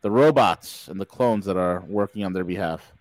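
A man's voice: low-pitched, normal speed, no room sound, low-quality recording. A man hosting a casual live-stream talk show, jokey and rambling, laughing at his own gags. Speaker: host.

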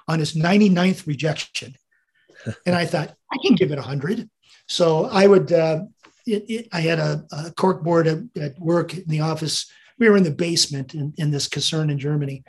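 An American man in his seventies, a veteran being interviewed, has a slightly high voice with a breathy edge. He tells meandering anecdotes, chuckling and quoting dialogue along the way.

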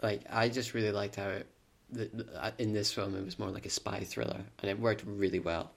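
Young male co-host, low voice with a gravelly edge, eager and agreeable in casual film talk. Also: fairly even intonation. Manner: agreeable, enthusiastic, lots of quick affirmations. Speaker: podcast co-host. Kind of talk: casual chat.

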